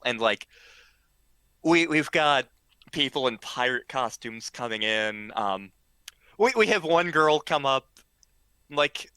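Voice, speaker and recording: Animated man telling a story. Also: mid-range voice, clear, resonant tone, no room sound. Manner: halting, full of ums and restarts, acts out quoted lines. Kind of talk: casual spoken storytelling.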